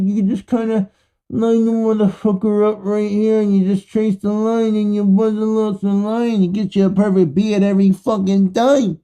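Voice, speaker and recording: A male podcast host rambles loosely through a sponsor plug, swearing freely and cracking jokes. His voice is high for a man, but it has a dark, mellow tone. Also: little pitch movement, normal speed, smooth, muffled recording. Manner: loose, profane, rambling, joking. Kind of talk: casual podcast chat and sponsor read.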